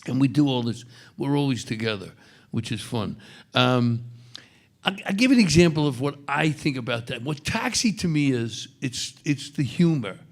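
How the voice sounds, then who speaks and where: A man's voice: mid-range voice, expressive. A man in his seventies with a Brooklyn accent, a guest actor at a convention panel, telling rambling stories with restarts. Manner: gravelly, halting, storytelling with restarts.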